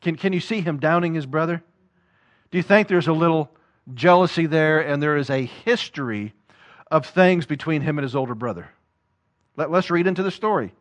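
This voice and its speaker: Brief: male preacher, high voice, animated sermon delivery, acts out quoted voices. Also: normal speed.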